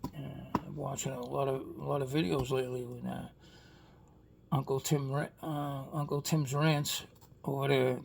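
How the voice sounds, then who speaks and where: A Boston man with a Boston accent rambles chattily in a vlog about customizing toy cars, often saying "you know what I mean." His voice is gravelly and medium-pitched, with a level tone and moderate pace. There's a little hiss or hum in the audio.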